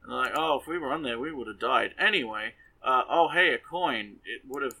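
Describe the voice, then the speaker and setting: A man's voice: mid-range voice, fast, gravelly, pushed and bright, poor audio. A man casually recapping an anime episode for a podcast, sarcastic and exasperated, rambling with many fillers.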